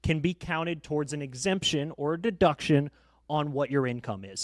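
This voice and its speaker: A financial planner on a podcast walks through tax rules step by step, confident and explanatory, using round numbers to keep things simple. He is a man with a slightly high voice. The recording is dry and close-miked in a studio. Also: dry recording.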